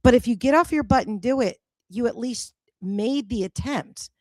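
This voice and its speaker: Woman coach hosting a chat show, tells stories straight and lively, dead dry sound. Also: on the high side, moderate pace, no room sound. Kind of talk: casual chat.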